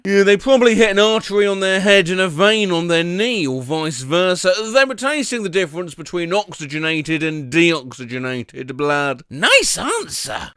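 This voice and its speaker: A man reading out funny online posts with lively comic asides and quick jokes. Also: high voice, no echo, clean studio sound. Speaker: comedy Reddit reader.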